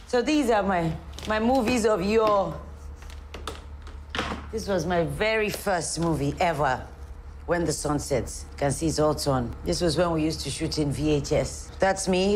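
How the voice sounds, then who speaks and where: A woman's voice: fairly low pitch, slight background noise. Candid middle-aged woman. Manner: candid, reflective, laughs often. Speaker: actress turned politician. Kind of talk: personal documentary interview.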